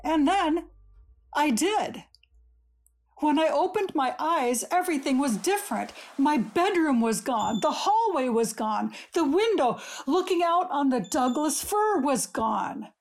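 A woman reading a first-person short story aloud in a gentle, measured storytelling manner. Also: sits high, lively intonation. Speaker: story reader.

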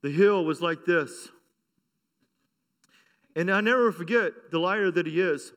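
A man's voice: high-pitched, unhurried, fairly bright tone. A middle-aged male pastor preaching a sermon, moving from a laughing personal story to fervent, rising exhortation.

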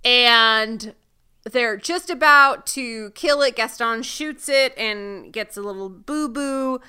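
A woman's voice: fairly high pitch, slow, pushed and bright, clean tone. A woman co-hosting a podcast, recapping a TV episode in casual chat with playful, sarcastic asides. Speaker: podcast co-host.

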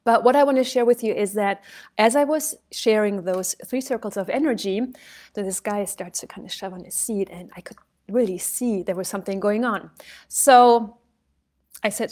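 A woman voice and speech coach talking casually, telling a story and shifting her loudness to illustrate her points. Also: medium pitch, fairly quick. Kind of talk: conversational coaching talk.

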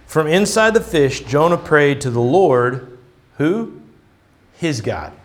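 A man delivers a loose, conversational sermon on a scripture passage. His voice sits a bit high for a man, and he keeps checking in with his listeners in an easygoing, chatty way. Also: lively intonation, slow pace. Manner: casual, often asks "right?". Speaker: pastor.

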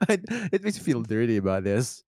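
A man's voice: medium pitch, big pitch swings, unhurried, darkish tone, no echo, studio quality. A man co-hosting a podcast, chatting casually with frequent laughs and playful sarcasm. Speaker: podcast co-host. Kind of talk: casual chat.

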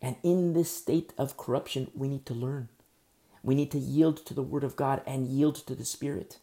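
A male pastor delivers a sermon, and his voice has a gravelly edge with a dark, mellow tone. He drives his points home through runs of emphatic rhetorical questions. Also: medium pitch, fairly even intonation, normal speed.

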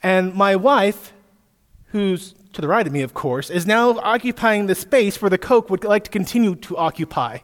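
A man in his thirties, a pastor giving a sermon, telling stories with lively asides to his listeners. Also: high-pitched, moderate pace. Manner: storytelling with animated asides to listeners. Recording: echoey hall, long reverb.

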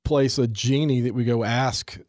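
A man's voice: mid-range voice, fairly even intonation, moderate pace, darkish tone, no echo, studio quality. A man in his forties, earnest and reflective, talking about faith in a conversation and often repeating words as he starts.

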